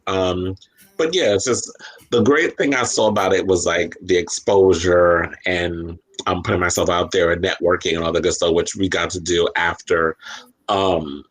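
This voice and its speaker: Chatty husky-voiced male podcast host. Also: sits low, moderate pace, poor audio. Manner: chatty and loose, with frequent fillers. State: a little tipsy. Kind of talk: casual live-stream chat. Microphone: desk microphone.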